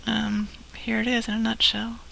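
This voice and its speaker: Gravelly-voiced deadpan woman. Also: on the high side, moderate pace, slight background noise, low-quality recording. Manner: dry, deadpan quips. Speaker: podcast co-host. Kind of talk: casual comedic chat.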